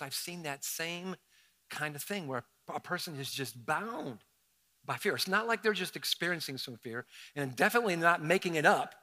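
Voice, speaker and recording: Bright-voiced middle-aged pastor telling stories. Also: male voice, fairly high pitch. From Southern Ohio. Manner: conversational, animated storytelling with self-mocking asides. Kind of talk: sermon storytelling.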